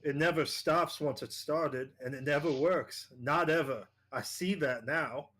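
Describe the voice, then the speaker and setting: A man voicing the spirit of a dead male investigator speaking through a medium in a tabletop horror game, gruff and grumbling. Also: a little high, measured pace, fairly bright tone. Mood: ominous.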